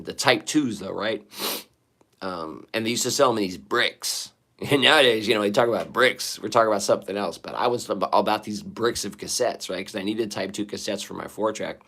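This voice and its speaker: A man in his forties chats loosely on a livestream, drifting from thought to thought with a wry, self-mocking streak. His voice sits a little low for a man. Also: a bit bright. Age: 40s. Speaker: livestream host. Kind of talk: casual livestream chat.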